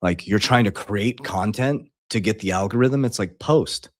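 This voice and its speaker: A man's voice: on the low side, normal speed, no room sound, clean studio sound. A middle-aged man, an online coach, telling a personal story to his followers in a blunt, profane, rambling way with many restarts.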